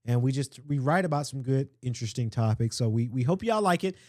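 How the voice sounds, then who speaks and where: A man's voice: medium pitch, animated, brisk, a little mellow, dry recording, clean studio sound. A man hosting a casual solo podcast, rambling and chatty, with lots of fillers and restarts. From Atlanta area, US. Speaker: podcast host.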